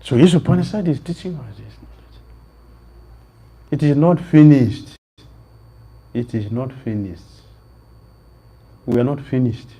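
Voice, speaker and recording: Slow, emphatic preaching man with a husky voice. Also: mid-range voice, mellow. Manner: slow, emphatic, repeats phrases, rises sharply when quoting. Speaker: swami lecturing on scripture. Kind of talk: sermon.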